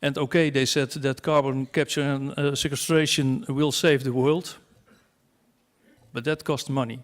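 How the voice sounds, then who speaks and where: A man's voice: medium pitch, level tone, measured pace. A man giving a conference talk to an audience in a wry, self-mocking way, with asides and rhetorical questions. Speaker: conference speaker. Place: conference hall.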